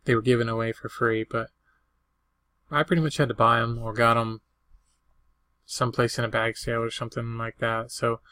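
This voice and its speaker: With a medium-pitched voice that's pushed and bright, recorded without room sound, an older eBay reseller casually walks through items he flipped. His folksy, rambling vlog lists prices, dates, and what each piece brought in.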